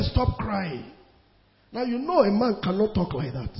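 A man preaching a sermon as pastor, emphatic, repeating his phrases and breaking into sudden shouts, heard in a church hall. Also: high voice, big pitch swings, moderate pace. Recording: dull sound with long hall reverb.

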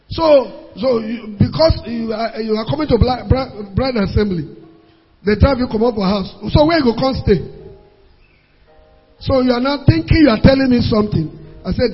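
High-voiced preacher, husky. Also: male voice, lively intonation, moderate pace. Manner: emphatic, repeats words for stress, sometimes loud and rising. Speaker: pastor. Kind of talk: sermon. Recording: muffled sound with long hall reverb, faint music.

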